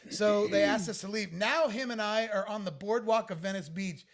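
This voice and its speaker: A man's voice: sits high, normal speed. A man co-hosting a live-stream podcast, telling a story animatedly, laughing and swearing freely. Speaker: podcast co-host. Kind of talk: casual live-stream chat.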